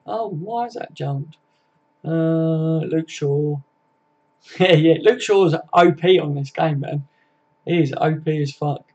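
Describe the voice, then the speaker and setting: A man's voice: a little high, slow, a little mellow, dull audio. A young man hosting a casual live stream, reading viewer comments aloud in a chatty, laddish way and swearing freely.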